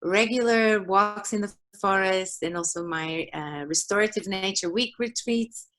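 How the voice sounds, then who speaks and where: Calm, slow-spoken woman guide. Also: medium pitch. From Portugal. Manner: slow, calm and reflective, with pauses. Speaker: forest therapy guide and trainer. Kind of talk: guest on a video call interview. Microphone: video call.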